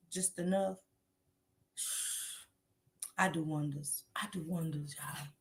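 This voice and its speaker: Gravelly, bright-voiced woman livestreamer. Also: mid-range voice. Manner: slangy, salty, swears freely, laughs often. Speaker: livestream host. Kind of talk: casual livestream chat, reading comments aloud.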